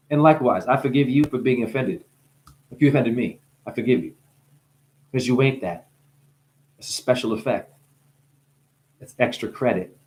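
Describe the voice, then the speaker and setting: A high man rambles through a loose spiritual monologue, often swearing and joking. He drops into low mutters, then jumps into squeaky bursts of excitement. His pitch sits in an ordinary male middle range. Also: moderate pace, pauses often. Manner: swings between mumbling and sudden high exclamations; profane, playful. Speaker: spiritual video maker.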